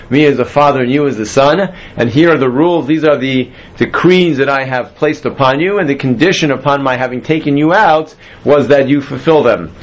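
A man's voice: mid-range voice, highs cut off. A man teaching a classroom Bible lesson, explaining step by step and quizzing his students. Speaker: Torah teacher.

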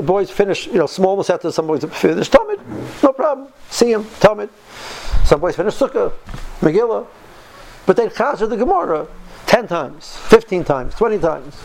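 A man's voice: high-pitched, creaky, a little mellow, a little hiss or hum, poor audio. A man in his fifties telling stories in a casual talk, earnest and driving his points home by repeating phrases. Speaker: speaker recounting yeshiva study.

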